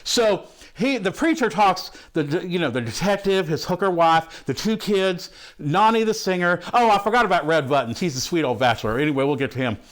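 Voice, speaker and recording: A man's voice: high-pitched, expressive, a little fast. A man playing a crude, horny movie fan who rambles and swears through a comic retelling of an old film. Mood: excited. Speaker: host reviewing a film. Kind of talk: comic character monologue.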